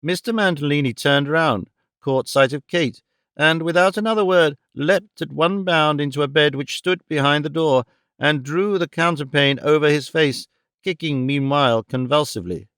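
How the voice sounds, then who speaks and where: Smooth, expressive male audiobook narrator. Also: on the high side, no room sound, studio quality. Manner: measured, expressive reading. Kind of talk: scripted narration.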